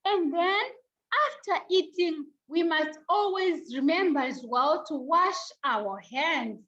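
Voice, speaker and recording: A woman teacher giving an online class over a video call, slowly repeating each point for young pupils. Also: sits high, animated, fairly bright tone, dull audio.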